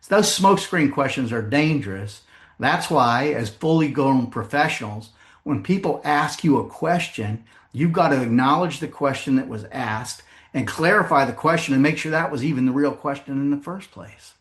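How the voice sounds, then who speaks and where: A man's voice: medium pitch, lively intonation, fairly bright tone. A middle-aged man presenting a sales seminar to a live audience, telling comic stories and asking the room questions. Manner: storytelling with comic voices and quick asides.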